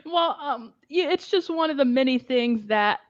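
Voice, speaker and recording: A woman's voice: sits high, expressive, moderate pace, no echo. A woman co-hosting a podcast in casual chat, talking freely and laughing often. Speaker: podcast co-host. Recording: dull muffled podcast audio.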